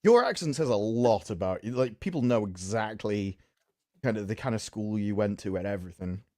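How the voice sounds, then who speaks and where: A man's voice: lowish voice, expressive, fairly quick, darkish tone, dry recording, clean studio sound. A man with an English accent, chatting wryly as co-host of a commentary show. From England. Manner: wry, quotes movie lines in put-on voices. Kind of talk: casual commentary chat.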